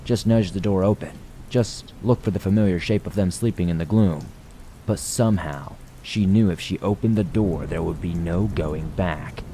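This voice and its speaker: A man narrates a horror story at a measured, hushed pace, with a very low, dark and mellow voice. Faint rain patters softly behind him. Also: a little hiss or hum.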